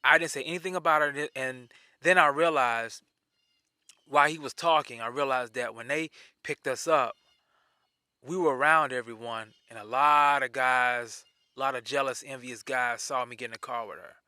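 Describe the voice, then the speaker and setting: A man telling a personal story in a casual, animated way, often repeating himself. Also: mid-range voice, normal speed, clear, resonant tone, dry recording, clean studio sound.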